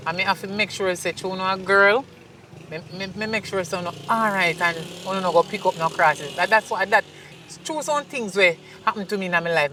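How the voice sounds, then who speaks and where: A woman's voice: lowish voice, fairly bright tone, slight background noise, close to an everyday voice, rough recording. A woman with a Jamaican accent playing a remorseful mother who pleads with her daughter in patois. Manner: pleading, apologetic, speaks in patois. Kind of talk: film acting.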